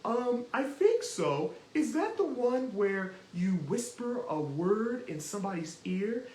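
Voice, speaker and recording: A man's voice: sits high, very animated, slow pace, a little mellow, roomy sound, pitched above the performer's own voice, full character voice, low-quality recording. A man voicing an eager, curious young male hand puppet who talks hesitantly and asks questions, with a children's show feel. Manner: hesitant, questioning, easily impressed.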